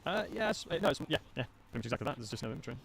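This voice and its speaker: A man's voice: mid-range voice, sing-song, very fast, vocal fry, fairly bright tone, a little hiss or hum. A young man streaming a strategy game match, chatting casually and joking at his own expense. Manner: chatty, joking, self-mocking. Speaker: streamer playing a tournament match. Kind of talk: casual live-stream chat while gaming.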